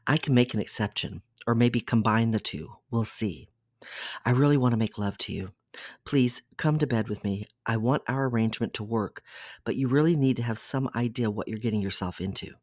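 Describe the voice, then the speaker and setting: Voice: mid-range voice, fairly quick, a little mellow, no echo, studio quality, close to an everyday voice. A reader voicing an intense, controlling young man. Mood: persuasive.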